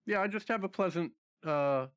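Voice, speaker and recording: Higher male player, relaxed, dry mic. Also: moderate pace, clear, resonant tone, dry recording. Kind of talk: casual tabletop play.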